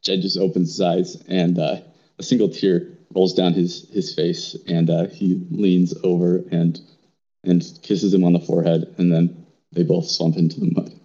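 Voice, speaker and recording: Dude in a tabletop game chat, low voice, kinda muffled lo-fi mic, gets all emotional. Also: male voice, flat delivery, mellow, slightly rough. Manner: emotional, laughing, halting. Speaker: player. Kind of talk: tabletop role-play chat.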